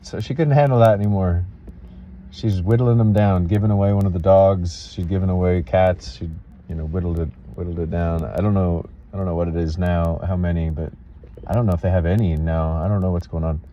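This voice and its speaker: A man telling an emotional personal story in a halting, earnest way, full of restarts and fillers. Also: low voice, fairly even intonation, mellow, muffled recording, a little hiss or hum.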